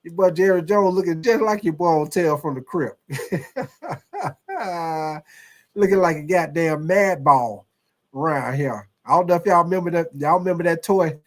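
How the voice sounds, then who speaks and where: A man hosting a casual sports livestream, talking in an animated, slangy way and reading out viewer comments. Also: on the high side, unhurried. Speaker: host.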